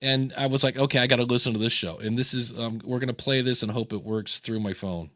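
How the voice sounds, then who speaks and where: A man's voice: medium pitch, fast talker, dry recording, studio quality. A man hosting a podcast in casual chat, telling stories and acting out quotes with animation. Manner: animated storyteller, acts out quotes. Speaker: podcast host.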